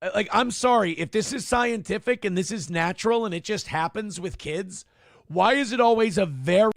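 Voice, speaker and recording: A man with an Upper Midwest American accent hosts a streamed talk show, his voice a little high and gravelly. He apologizes again and again in a sarcastic, combative way. The sound is dry and close to the mic. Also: moderate pace, dry recording. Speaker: morning show host. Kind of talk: supercut of live-stream talk show clips.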